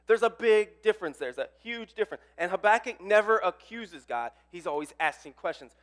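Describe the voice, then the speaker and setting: A man with a fairly high voice preaches in a chatty, expressive way. He shifts from loud, emphatic bursts down to near-murmurs. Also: a little fast, few pauses. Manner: conversational and expressive, with big swings in loudness. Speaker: pastor. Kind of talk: sermon.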